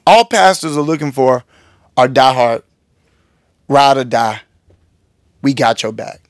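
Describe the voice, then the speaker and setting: A man who is a pastor, telling a personal story on his podcast in a candid, animated way, acting out what others said and calling his listeners y'all. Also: medium pitch, slow, long pauses, dry recording, clean studio sound.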